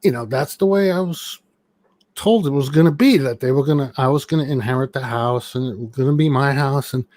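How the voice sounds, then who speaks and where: A man's voice: mid-range voice, brisk, a little mellow, dry recording. Man telling a rambling, profane story. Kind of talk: casual chat.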